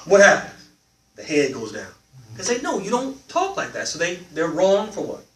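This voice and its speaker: A man teaching a live religious class, animated, often asking his listeners questions and letting them answer. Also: high-pitched, moderate pace. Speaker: Islamic teacher. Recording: roomy, from a distance, faint noise.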